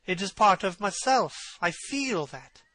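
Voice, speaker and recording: A man's voice: high voice, expressive, unhurried, pushed and bright, voice pushed up, full character voice. A man reading aloud, voicing a vain, beautiful young man in a passionate, pleading way. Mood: anguished. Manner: impassioned, pleading.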